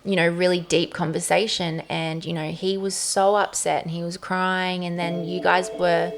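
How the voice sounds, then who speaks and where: A woman with a low, gravelly voice chatting casually on a podcast. She talks warmly and loosely, with frequent fillers and easy laughter. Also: level tone, moderate pace, music in the background. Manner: warm-hearted, laughs often, says "you know" and "like" a lot. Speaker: podcast co-host, mother. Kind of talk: casual chat.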